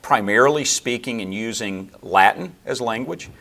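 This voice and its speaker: A man answering interview questions on theology in a measured, lecturing way, with fillers and restarts. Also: mid-range voice, creaky, pushed and bright. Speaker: theologian guest.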